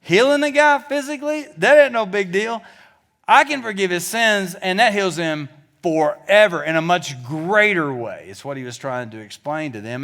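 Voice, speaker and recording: High-voiced lively man preaching. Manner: lively, conversational, joking asides; walks around while preaching. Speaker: guest preacher. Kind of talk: sermon.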